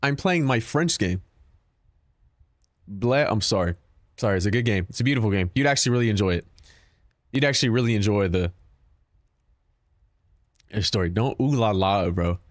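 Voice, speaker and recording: A man's voice: lowish voice, expressive, normal speed, long pauses, dry recording, studio quality. A man streaming a game, chatting casually and profanely with his viewers, joking and talking back to chat.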